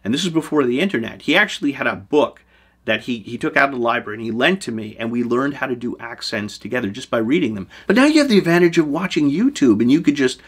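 A man's voice: mid-range voice, expressive, fast, husky. A man hosting a show, giving game master advice in a scripted talk to camera with emphatic delivery.

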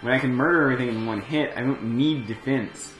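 A man's voice: medium pitch, quick pace. A man giving casual, crude gameplay commentary, joking and swearing freely as he plays. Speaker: let's play gamer. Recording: roomy echo with faint game music.

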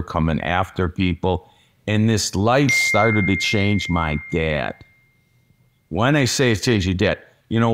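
A podcast guest from Chicago, USA, with a fairly low voice tells a story during an interview. He recounts it bluntly and dramatically, dropping rhetorical "okay?" asides.

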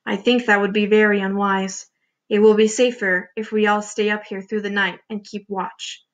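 A woman voicing a wise, calm old male grasshopper in a storybook read-aloud. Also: mid-range voice, moderate pace, close to an everyday voice.

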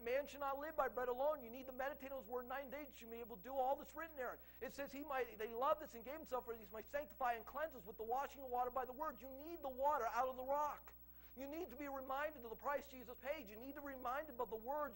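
A man's voice: very high-pitched, a bit bright. A man preaching a revival sermon, fervent and repetitive, quoting scripture at length.

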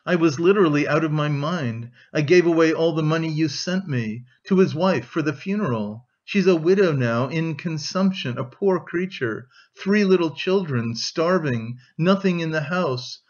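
A man's voice: on the high side, moderate pace, few pauses. A man narrating an audiobook of a classic novel, lifting his voice a little for the dialogue. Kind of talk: audiobook reading, light voicing of characters. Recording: dull lo-fi recording.

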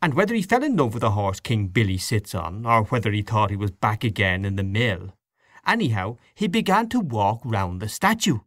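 A man voicing a genial gentleman who tells a comic family tale with a droll, mock-solemn manner. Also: lowish voice, very animated, moderate pace, no echo, clean studio sound.

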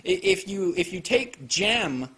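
A man giving a casual, joking film review, full of swearing and quick asides. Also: high-pitched, sing-song, fairly bright tone. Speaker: anime reviewer. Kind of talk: casual profane video review.

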